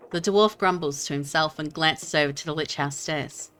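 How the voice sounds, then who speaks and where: Young woman streamer, bright, crisp voice, chatty and rambling. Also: sits low, moderate pace, hardly any pauses. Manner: chatty, self-deprecating, rambling. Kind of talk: reading a game aloud and chatting with viewers.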